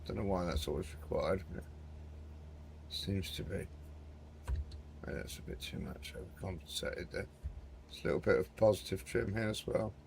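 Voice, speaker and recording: A man's voice: deep voice, normal speed, gravelly, long pauses, crowd noise. A man hosting a flight simulator game video, chatting casually and rambling as he flies, often calling the viewer mate. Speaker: gaming channel host. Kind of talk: casual gameplay commentary.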